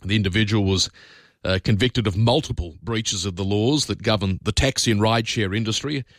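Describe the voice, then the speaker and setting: A man's voice: on the low side, fairly quick, dry recording. An Australian man hosting talkback radio from a studio. He talks in a chatty, opinionated way with loose asides. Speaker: radio talk host. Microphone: studio microphone.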